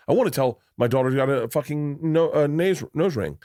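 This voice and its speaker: A man's voice: on the high side, a little fast, dark tone, dry recording, studio quality. A middle-aged man hosting a podcast, telling stories in a rambling, restart-filled way with plenty of swearing. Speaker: podcast host. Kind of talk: casual chat.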